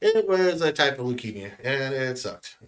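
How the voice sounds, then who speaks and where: A man telling a story in casual podcast chat, profane and animated. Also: mid-range voice, normal speed.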